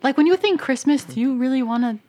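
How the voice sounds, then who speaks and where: A woman co-hosting a podcast, chatting casually in an expressive, easily amused way. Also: high-pitched, quick pace, slight background noise. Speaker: podcast co-host. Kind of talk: casual chat.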